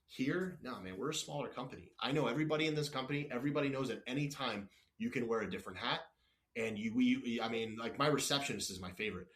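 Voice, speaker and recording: In a casual podcast interview, an executive guest with a medium-pitched voice speaks quickly, recounting workplace tales with no-nonsense bluntness and acting out back-and-forth exchanges. He restarts often, says sorry, and goes off on tangents.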